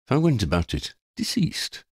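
A man reading a storybook, voicing a solemn, cloaked, six-fingered ferryman with a formal, deadpan manner. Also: medium pitch, moderate pace, breathy edge, dry recording, clean studio sound, voice pushed up.

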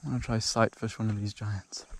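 Young man narrating his own fishing trip outdoors, swings from loud exclamations to quiet murmurs, faint outdoor hiss behind him. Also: lowish voice, fairly quick. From Zimbabwe. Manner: excitable, exclaims and drops to murmurs. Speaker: angler vlogger. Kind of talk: casual outdoor fishing vlog. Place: outdoors at a small dam. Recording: outdoor recording with faint background noise.

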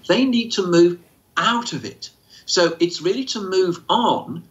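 A man's voice: on the high side, a bit bright. A man who answers questions as an autism expert, speaking informally with many fillers and acting out quoted voices. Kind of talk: informal explanatory talk. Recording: slightly dull lo-fi sound.

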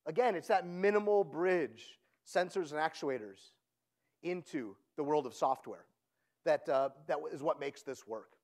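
A man giving an energetic conference keynote, often checking in with the audience by asking "right?". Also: fairly high pitch. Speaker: conference speaker. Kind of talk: keynote talk.

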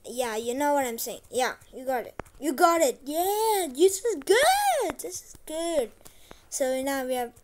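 High-voiced chatty woman playing a game. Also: sing-song, unhurried, background noise. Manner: chatty, repeats herself, trying to speak loudly. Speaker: gameplay commentator. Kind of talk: casual gameplay commentary.

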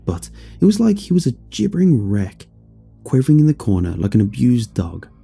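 A man's voice: mid-range voice, big pitch swings, normal speed, vocal fry, dark tone, husky. A man narrating a horror story as scripted, dramatic first-person storytelling. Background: faint music.

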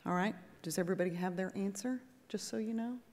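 A woman nurse practitioner giving a lively, conversational lecture to a patient audience and acting out exchanges with patients. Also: mid-range voice, quick pace. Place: conference hall with audience. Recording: echoey hall.

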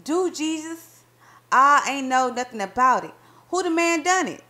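A woman voicing a spirited, affectionate young wife, talking in lively, sassy folksy banter. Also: fairly high pitch, normal speed, lightly acted.

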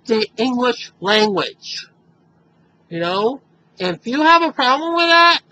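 A man records a direct-to-camera advocacy monologue, upset and openly angry. His voice is bright and forceful. He talks slowly and repeats himself for emphasis. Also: high-pitched, a little hiss or hum, poor audio. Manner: impassioned, emphatic and repetitive. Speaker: video blogger.

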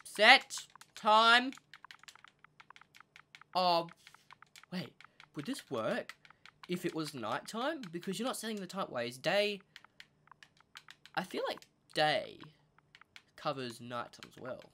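Lively gamer over steady hiss. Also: mid-range voice, slow, long pauses. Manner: animated, chatty, talks to game animals. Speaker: gaming channel host. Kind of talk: casual gameplay commentary. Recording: steady background noise.

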